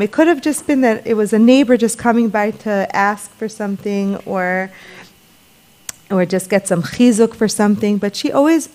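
A woman's voice: medium pitch, darkish tone. A young adult woman telling a personal story about her late mother in an earnest way, with many fillers and repeated words.

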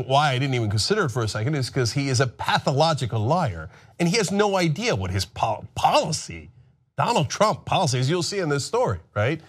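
A man's voice: medium pitch, slightly rough. A man hosting political commentary, ranting sarcastically and mocking others in put-on voices.

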